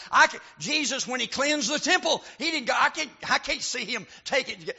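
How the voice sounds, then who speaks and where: A male preacher giving a sermon, reading scripture and building to emphatic, shouted points. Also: extremely high pitch, expressive, moderate pace, gravelly, hardly any pauses, breathy edge. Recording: dull lo-fi recording.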